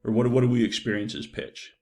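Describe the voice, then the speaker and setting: A man's voice: medium pitch, fairly even intonation, fast, mellow. A man giving a university psychology lecture in a loose, conversational way, with frequent fillers and "right?" checks.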